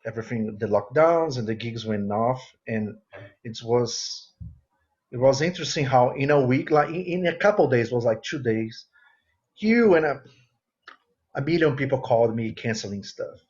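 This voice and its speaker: Man, warm earnest guest, lo-fi remote audio. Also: mid-range voice, normal speed, husky. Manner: earnest, expressive, non-native phrasing. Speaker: guitarist guest. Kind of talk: casual interview chat.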